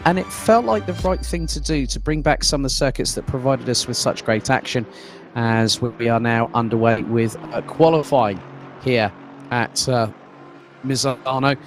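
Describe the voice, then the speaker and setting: A man's voice: mid-range voice, moderate pace, faint music behind. A man doing lead commentary on a sim race stream, chatty and loose, with fillers and restarts. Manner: conversational, fillers and restarts, reads out viewer comments.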